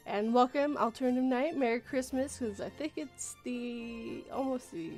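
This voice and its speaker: A woman guest on a chat stream talks with a friendly, fairly high voice. She laughs often and greets the viewers by name. Quiet music runs under her speech. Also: normal speed. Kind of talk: casual chat.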